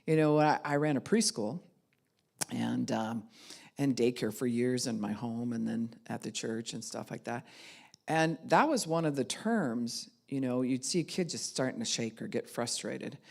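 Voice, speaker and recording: A woman's voice: a bass voice, normal speed, creaky, a little mellow. A middle-aged woman pastor giving a conversational teaching talk, speaking candidly and frankly and acting out the voices of people she quotes.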